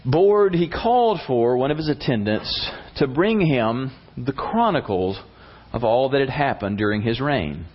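A man preaching a sermon, retelling a story in an animated, conversational way. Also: mid-range voice, unhurried, crowd noise. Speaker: pastor. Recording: dull lo-fi recording.

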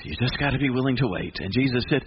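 A man's voice: mid-range voice, animated, fast talker, slightly rough, lo-fi sound. A male pastor preaching a sermon, driving his points home with repeated refrains.

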